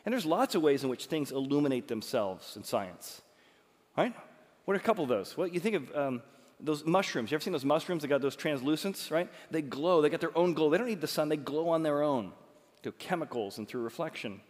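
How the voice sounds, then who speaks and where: A male pastor delivering a lively sermon, joking with the crowd in quick asides. His voice sits a little high for a man. A long reverb trails every phrase, as in a big hall.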